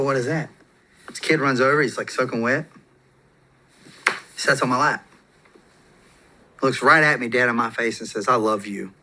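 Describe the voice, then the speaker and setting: Man telling stories with a bright voice. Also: mid-range voice. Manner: relaxed, rambling, with frequent fillers and restarts. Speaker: podcast guest. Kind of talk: casual storytelling.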